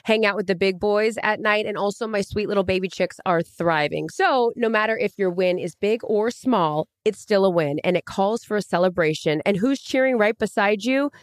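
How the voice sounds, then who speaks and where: A woman's voice: medium pitch, moderate pace, hardly any pauses, clean tone, no echo, clean studio sound. A woman giving an upbeat, scripted ad read.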